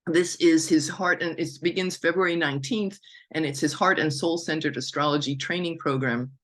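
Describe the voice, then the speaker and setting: A woman's voice: sits low, fairly even intonation, moderate pace. Effusive woman hosting a podcast. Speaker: podcast host. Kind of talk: casual podcast introduction.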